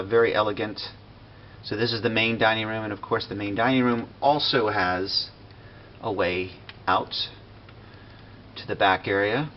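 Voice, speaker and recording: A man giving a casual walkthrough of a building he made in a game, relaxed and full of fillers and pauses. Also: fairly low pitch. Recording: dull lo-fi recording with faint noise.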